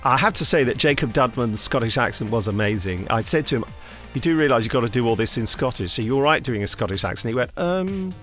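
A man's voice: mid-range voice, fast, fairly bright tone, soft background music. A man co-hosting a podcast, reading listener reviews aloud with jokes and laughs. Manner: jokey, laughs while reading. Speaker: podcast co-host.

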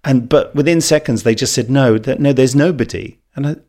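A man's voice: medium pitch, a little fast, a little mellow. A middle-aged man with a wry, self-deprecating way of telling stories in casual chat.

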